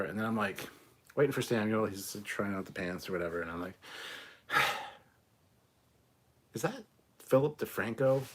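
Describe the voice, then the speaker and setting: A Canadian man with a low, slightly rough voice hosts a live stream, sipping rum and reading viewer comments. He rambles through stories in casual chat, swearing freely.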